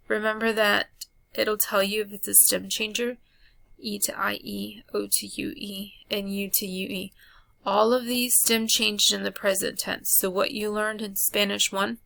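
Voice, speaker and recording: A woman's voice: medium pitch, gravelly, no echo. A woman teaching a Spanish grammar lesson, talking students through a chart with frequent ums and uhs. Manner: slow, flat delivery with frequent ums and uhs. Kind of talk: recorded classroom lesson.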